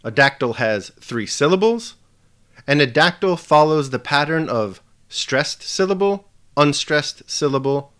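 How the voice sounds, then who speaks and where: A man presenting a scripted video lesson with a measured, emphatic delivery. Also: a little high, expressive, a bit bright, clear, resonant tone. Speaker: teacher.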